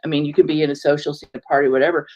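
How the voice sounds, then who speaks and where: A woman minister co-hosting a talk show, speaking in a halting, emotional way and searching for words as she shares a personal story. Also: sits low, flat delivery, darkish tone. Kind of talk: casual heartfelt conversation.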